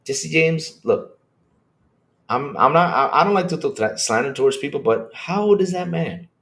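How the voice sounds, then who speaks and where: Man, stream host; rambling, excitable casual chat, raised pitch, very lively delivery. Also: normal speed, creaky. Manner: animated and rambling, swears when worked up. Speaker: podcast host reading live chat.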